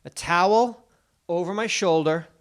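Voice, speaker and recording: A man on a comedy podcast, his voice sitting a touch high, riffing loosely and cursing freely. He keeps breaking into silly put-on voices. The mic is close and the sound is dry, with no room around it. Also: measured pace, no room sound. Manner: riffing, profane, slips into goofy put-on voices. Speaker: podcast co-host. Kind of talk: casual comedic banter.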